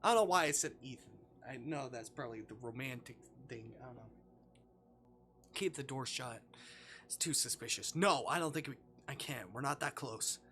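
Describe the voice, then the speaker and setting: A streamer reading a visual novel aloud live, reading out the choices and swearing loudly in reaction. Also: mid-range voice, moderate pace, faint music behind.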